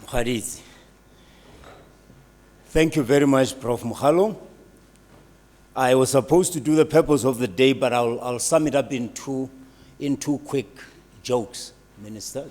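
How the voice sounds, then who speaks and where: An older man giving a speech and telling jokes in a storytelling way. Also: mid-range voice. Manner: storytelling, animated with voices. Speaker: university alumnus speaker. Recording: reverberant hall.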